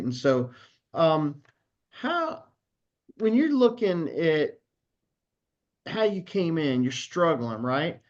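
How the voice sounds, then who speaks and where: A man's voice: on the high side, a little mellow, dull audio. A man hosting a team video call, who asks a guest questions in an encouraging, coaching tone. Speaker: host asking questions.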